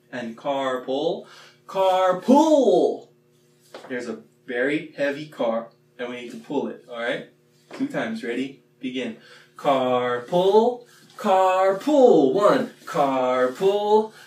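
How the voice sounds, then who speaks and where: A man leading a playful classroom warm-up, chanting the words slowly and loudly. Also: medium pitch. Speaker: teacher leading a movement warm-up. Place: x-ray room. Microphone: phone camera from a distance. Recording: echoey room, mic far off, faint hum.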